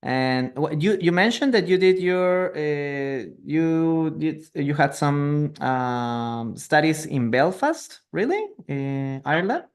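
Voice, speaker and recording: A man's voice: a little high, expressive, slow, few pauses. Upbeat male teacher on a live stream. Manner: encouraging, exclamatory, hesitant restarts. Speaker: English teacher hosting a live reading class.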